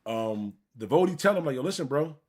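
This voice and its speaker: Speaking to his live-stream viewers directly, a man from Buffalo, New York shares a rambling, expletive-filled personal story. His voice is medium-pitched and brisk with a breathy edge, and his casual storytelling is full of energy.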